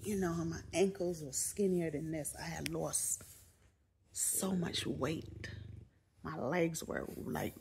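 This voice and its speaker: A middle-aged woman with a low, gravelly voice recounts a personal story straight to camera, casual and animated. She jokes as she goes and jumps into raised voices when quoting people. A faint hiss sits under the close recording. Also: takes it slowly. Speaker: vlogger.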